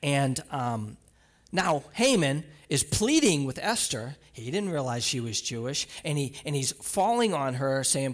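A man's voice: a little high, lively intonation, moderate pace. Man preaching a casual storytelling sermon. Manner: retells scripture in casual storytelling, speaks directly to the congregation; frequent restarts and asides. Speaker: pastor. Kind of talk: conversational sermon.

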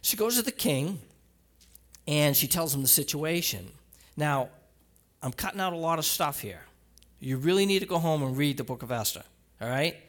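Man, pastor, casual storytelling sermon, slightly high voice, restarts and asides. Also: animated, moderate pace, pauses often, fairly bright tone. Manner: retells scripture in casual storytelling, speaks directly to the congregation. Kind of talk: conversational sermon.

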